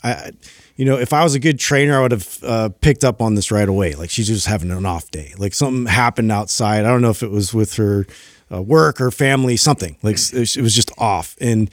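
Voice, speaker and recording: A man's voice: lowish voice, fairly quick, dry recording, studio quality. A middle-aged man, a former personal trainer, casually telling a rambling, self-deprecating story full of fillers on a podcast.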